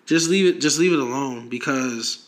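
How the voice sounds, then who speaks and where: A man co-hosting a podcast in casual chat, swearing freely and telling stories with animated laughter. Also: medium pitch, normal speed. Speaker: podcast co-host.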